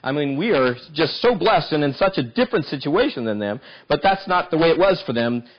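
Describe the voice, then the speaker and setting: Animated preacher with a lively voice. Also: male voice, on the high side, brisk, highs cut off. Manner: animated storytelling with frequent restarts. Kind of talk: sermon.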